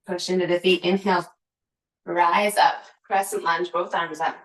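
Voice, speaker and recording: A woman guiding a yoga flow, her voice on the lower side as she steadily calls out poses and breaths. She drifts into easygoing, laughing asides between cues. The sound carries the echo of a roomy space. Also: steady tone, normal speed, a bit bright. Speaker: yoga instructor. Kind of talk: guided yoga class cueing. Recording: echoey room.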